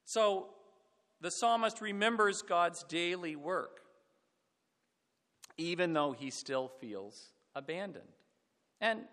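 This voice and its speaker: A middle-aged man preaching a reflective sermon, falling to a hush on sad points. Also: a little high. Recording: long hall reverb.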